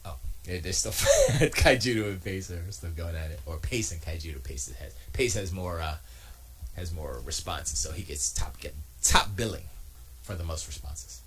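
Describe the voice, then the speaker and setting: A man's voice: deep voice, expressive, normal speed, a little hiss or hum. A man streaming from his home studio, rambling through casual commentary with frequent restarts and mocking asides. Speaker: streamer and podcast host.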